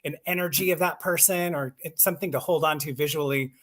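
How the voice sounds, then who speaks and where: A man's voice: fairly high pitch, fairly even intonation, quick pace, fairly bright tone. A voice actor and audiobook narrator chatting casually and enthusiastically, laughing at himself as he explains his craft. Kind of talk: casual chat on a live stream.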